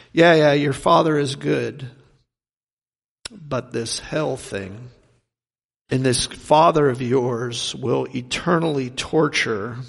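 A man preaching a sermon, asking rhetorical questions and swinging between loud and hushed delivery. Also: fairly high pitch, gravelly, long reverb tail.

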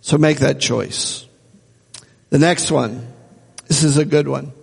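Gravelly preaching man in a hall. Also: fairly high pitch, fairly even intonation, slow pace. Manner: earnest preaching, repeats phrases for emphasis. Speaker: pastor. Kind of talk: sermon.

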